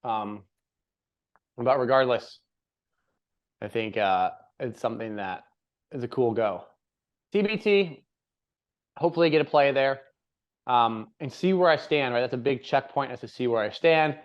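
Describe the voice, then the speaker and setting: Young man, podcast host, casual chat, rambling, upbeat, mid pitch, lo-fi sound. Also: a little slow, long pauses. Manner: rambling, upbeat, laughs often. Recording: slightly dull lo-fi audio.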